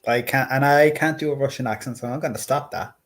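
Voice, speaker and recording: An Irish man cracks wry jokes while co-hosting a relaxed game stream. He has an average male pitch and an easygoing, chatty delivery. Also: fast. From Ireland. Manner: joking, wry asides. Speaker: co-host. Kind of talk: casual game-stream chat.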